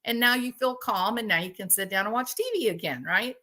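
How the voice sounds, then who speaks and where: A woman hosts a relaxed live chat and speaks straight to her viewers. Her voice is bright and clear, at a middle pitch. She tells her stories with animation and laughs often as she goes. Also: brisk. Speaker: host.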